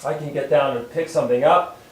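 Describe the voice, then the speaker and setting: A chiropractor calmly talking through posture stretches step by step while he demonstrates them. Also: a little high, a little fast, roomy sound, rough recording. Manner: calm, steady step-by-step instruction while moving. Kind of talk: instructional exercise demonstration.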